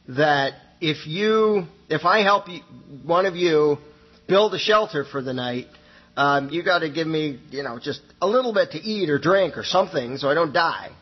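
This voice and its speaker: A man's voice: on the high side, lively intonation, normal speed, breathy edge, lo-fi sound. A man voicing a practical construction worker castaway who patiently explains his limits.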